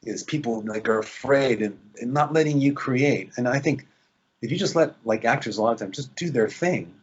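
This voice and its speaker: A man's voice: medium pitch, moderate pace, slightly rough, muffled recording. A man, an actor, chatting in an interview, rambling with lots of fillers and restarts. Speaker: actor guest. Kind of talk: casual interview chat.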